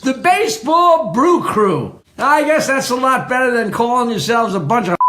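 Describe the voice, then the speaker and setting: Sick older New comedian, high voice. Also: male voice, animated, moderate pace, pushed and bright, slight background noise. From Long Island, New York. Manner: laughs at his own punchlines, raunchy. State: sick, voice roughed up. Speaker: comedian sending a message. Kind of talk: telling bawdy jokes.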